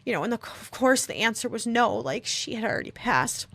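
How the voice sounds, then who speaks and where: A woman telling her own story on a podcast, earnest and reflective, often halting and restarting. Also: a little high, expressive, gravelly, a bit bright, no room sound.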